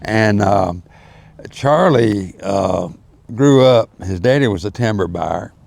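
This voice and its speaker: A man's voice: fairly low pitch, expressive, slow, gravelly, darkish tone, no echo. An older man, telling folksy, rambling stories as an interview guest. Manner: rambling, folksy storyteller with many fillers. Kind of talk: storytelling in casual chat.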